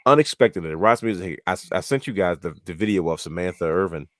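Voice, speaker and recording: A man with a notably deep, low voice hosts a casual wrestling chat, retelling moments with excited energy and frequent restarts. The sound is dry and close, with no room around it. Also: quick pace, no echo. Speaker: wrestling podcast host.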